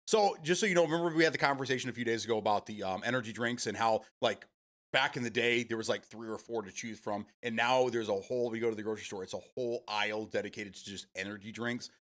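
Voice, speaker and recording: Guy streaming and chatting with chat, rambles, swears a lot, pitch all over the place. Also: a bit bright. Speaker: live stream host. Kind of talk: casual chat with stream viewers.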